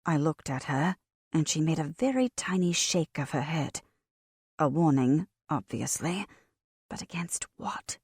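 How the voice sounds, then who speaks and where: A woman narrating a cozy fantasy audiobook in the first person, with a wry, expressive storytelling manner. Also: deep voice, a little slow, slightly rough, dry recording, studio quality.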